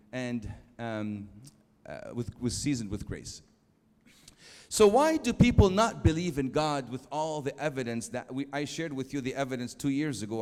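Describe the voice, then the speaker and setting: A man giving a church youth lecture, emphatic, slowing down for quotes and asking the audience questions. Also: medium pitch. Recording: long hall reverb.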